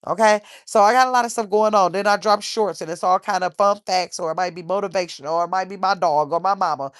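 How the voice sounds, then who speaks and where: A chatty woman hosts a casual livestream, rambling and reading viewer comments aloud. Her voice is mid-range and she talks fast. The recording is dry and studio quality.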